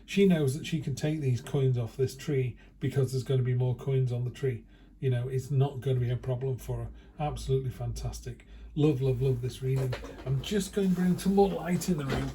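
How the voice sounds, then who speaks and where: A man's voice: medium pitch, fairly even intonation, brisk, warm tone, slight background noise. A man giving a chatty, rambling tarot reading indoors, often breaking into playful quoted asides. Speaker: tarot reader. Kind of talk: casual tarot reading monologue.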